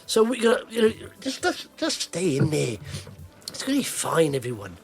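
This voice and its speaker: A man hosting a casual podcast, animated and teasing, talking in fits and starts. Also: on the high side, normal speed, vocal fry, faint music behind. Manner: animated, teasing, self-interrupting. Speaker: podcast host.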